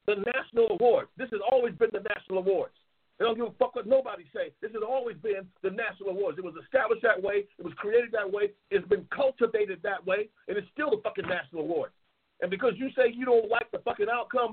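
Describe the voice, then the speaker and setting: A talk show host launches into an angry, profane monologue, ranting repetitively over tinny phone-line audio. His voice sits high, moves fairly quickly, and has a breathy edge.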